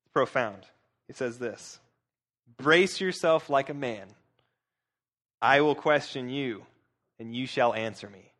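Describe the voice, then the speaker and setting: A man preaching a casual, animated sermon, retelling Bible stories in a conversational way with frequent repeated words. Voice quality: says his own voice is low and squeaky.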